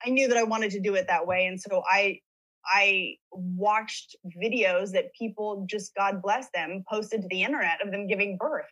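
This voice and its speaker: A woman's voice: mid-range voice, normal speed, fairly bright tone, low-quality recording. A woman guest in a casual chat, telling stories and acting out what others said. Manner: chatty storyteller, acting out others' words.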